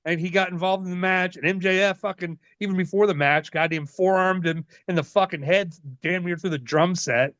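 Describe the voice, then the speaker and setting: A man in his forties, a wrestler being interviewed, telling stories in a casual, profane, animated way. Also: high-pitched, normal speed, no echo. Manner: profane, animated, laughs often. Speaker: wrestler guest. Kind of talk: casual storytelling. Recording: dull lo-fi dry sound.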